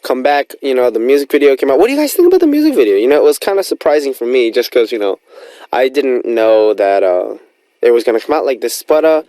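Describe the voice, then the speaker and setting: A man's voice: brisk, mellow, no echo, poor audio. A man in his twenties hosting a radio music show, upbeat and enthusiastic in a studio. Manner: bouncy, enthusiastic, big pitch swings. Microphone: studio microphone.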